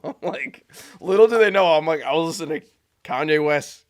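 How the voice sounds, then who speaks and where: A man in his twenties, a high school teacher, chatting casually on a podcast and often restarting his words. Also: fairly quick, vocal fry, clear, resonant tone. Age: 20s. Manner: stammering restarts, repeats words.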